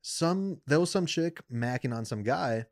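A young man in casual chat, telling a story with lots of laughter and squeaky voices for the people he quotes. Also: animated, measured pace, no echo, studio quality.

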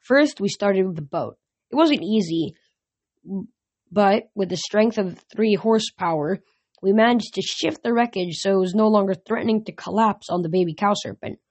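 A woman's voice: medium pitch, normal speed, a little mellow. A woman reading a first-person novel aloud, unpolished, often restarting and correcting words. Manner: unpolished, frequent restarts and slips.

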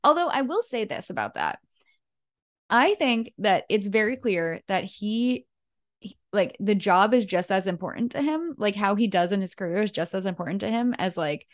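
A woman's voice: mid-range voice, very animated, moderate pace. Woman chatting on a podcast, lots of likes and ums, laughs a lot. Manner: chatty, laughs often, many fillers. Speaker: podcast co-host. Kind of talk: casual chat.

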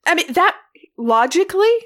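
A woman's voice: extremely high pitch, animated, moderate pace, fairly bright tone. A woman co-hosting a casual film discussion, chatty and enthusiastic with a playful edge. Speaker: podcast co-host.

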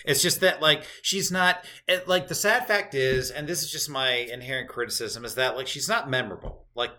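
A man's voice: mid-range voice, normal speed, bright, forceful tone. A man co-hosting a podcast in casual chat, hesitant and full of restarts. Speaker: podcast co-host.

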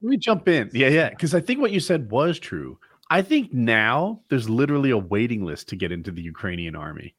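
A man's voice: medium pitch, very animated, a little fast, hardly any pauses, breathy edge, no room sound, studio quality. A man in a casual chat among friends, speaking earnestly and laughing easily.

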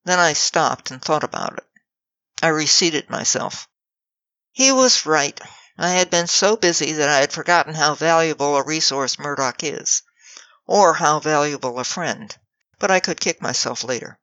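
A woman narrates a first-person fantasy audiobook, wry and expressive, acting out dialogue. Her voice sits low for a woman, recorded close and dry, with a slightly dull, muffled tone. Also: a little slow, no echo.

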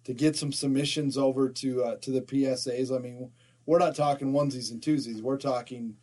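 A man's voice: medium pitch, steady tone, brisk, dark tone. A man from Utah co-hosting a podcast in casual chat, joking, laughing often and stammering through restarts. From Utah, USA. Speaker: podcast co-host.

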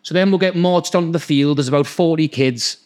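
A man with a thick Geordie accent tells stories at a rapid clip, in a fairly high voice. He swears freely, laughs often and does quick voices for the people in his tales. Casual podcast chat. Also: darkish tone. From North East England. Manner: fast, sweary, laughing, acts out quoted voices. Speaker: podcast guest. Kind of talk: casual storytelling.

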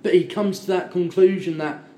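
High-voiced man in eager film chat. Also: steady tone, moderate pace, warm tone. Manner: enthusiastic, rambling, quotes people in put-on voices. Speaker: film podcast co-host. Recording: echoey room.

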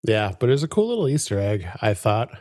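A man's voice: on the low side, very animated, fast talker, darkish tone, dry recording, studio quality. A man co-hosting a podcast, chatting casually and enthusiastically, laughing often and using lots of fillers. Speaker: podcast co-host. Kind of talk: casual chat.

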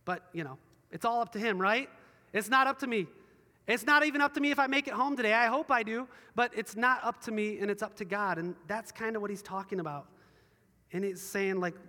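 A man's voice: high-pitched, sharp tone. A man preaching a conversational sermon in a church, often checking in with the congregation for agreement. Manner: chatty, asks the room for assent. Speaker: pastor. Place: church hall. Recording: long hall reverb.

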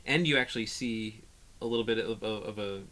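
A man in casual conversation about old films, talking haltingly with many restarts and bursts of animation. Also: fairly low pitch, sharp tone. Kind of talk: casual film discussion.

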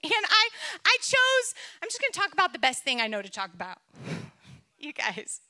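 High bright-voiced woman preaching. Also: moderate pace, no echo. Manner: animated, laughing often, emotional storytelling. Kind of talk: sermon.

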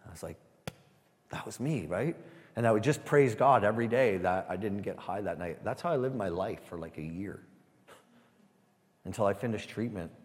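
A man giving a sermon testimony, halting and repeating words as he speaks to a church. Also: fairly low pitch, lively intonation, in a large hall. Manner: halting, repeats words, asks the room "Amen?".

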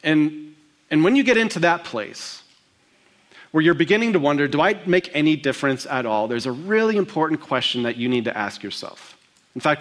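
A man preaching a sermon, asking the congregation questions and acting out the lines of the parable with slow, stressed delivery. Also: on the high side. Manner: expressive preaching, acting out quotes with slowed emphasis. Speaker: pastor.

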